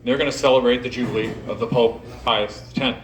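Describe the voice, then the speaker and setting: A man's voice: medium pitch, steady tone, brisk, a little hiss or hum. A man giving an informal, jokey historical talk to a live audience at a pub event, directing volunteers as he goes. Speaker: event speaker. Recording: echoey room recording.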